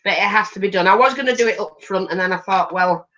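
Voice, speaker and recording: An older grandmother who hosts a craft channel talks fast in a mid-range voice, over dull audio. She chats and tells stories while working through a craft tutorial, animatedly acting out little voices in her anecdotes.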